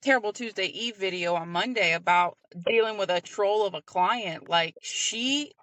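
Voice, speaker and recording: A woman's voice: medium pitch, normal speed, fairly bright tone, no echo, rough recording. A woman co-hosting a casual podcast, talking bluntly and emphatically. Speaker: podcast co-host. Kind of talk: casual chat.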